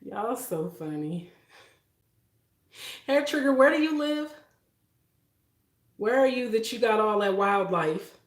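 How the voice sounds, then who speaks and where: A woman hosting a casual livestream from her home kitchen, talking emotionally and softly and laughing often as she greets viewers. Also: a little high, animated, slow pace, pauses often, echoey room. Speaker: livestream host. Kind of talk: casual live-stream chat with viewers.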